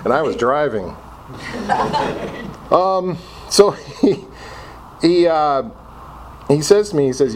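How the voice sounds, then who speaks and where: A middle-aged man from Connecticut tells his story to a group, mocking himself as he replays his past reactions. His pitch swings widely, and a faint hum sits in the background. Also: sing-song, takes it slowly, long pauses, darkish tone. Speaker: speaker sharing his recovery story. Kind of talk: personal recovery talk to a group.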